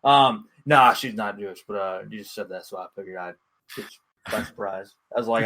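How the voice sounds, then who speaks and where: A young man co-hosting a podcast, chatting casually in an excitable, rambling way, full of fillers. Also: fairly low pitch, fairly quick. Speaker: podcast co-host. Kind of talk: casual chat.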